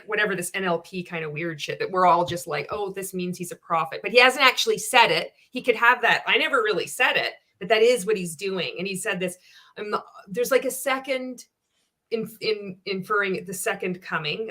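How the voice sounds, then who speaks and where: A woman's voice: mid-range voice, fairly quick, sharp tone. A woman in her forties hosting an interview, talking bluntly and heatedly with lots of swearing. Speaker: podcast host. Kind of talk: casual interview chat.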